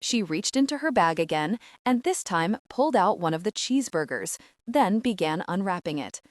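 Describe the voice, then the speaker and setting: A woman's voice: medium pitch, big pitch swings, normal speed, no room sound, studio quality. A woman narrating a first-person audiobook in a wry, conversational storytelling manner.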